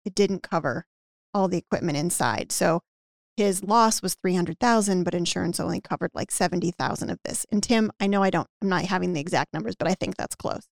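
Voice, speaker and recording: A woman with a gravelly, creaky edge to her voice tells a story on a podcast in a relaxed conversational way. She acts out the other person's lines as she goes and fills her sentences with "like". The sound is close and dry, with almost no room echo. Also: lowish voice, fairly quick. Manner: animated anecdote-telling with acted-out quotes and frequent "like". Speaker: podcast guest who teaches business owners about hiring and team culture.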